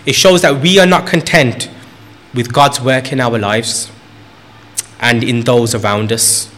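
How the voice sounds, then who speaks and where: A man's voice: medium pitch, fairly bright tone. A man preaching a sermon in an earnest way, repeating phrases for emphasis and lifting his voice on key points.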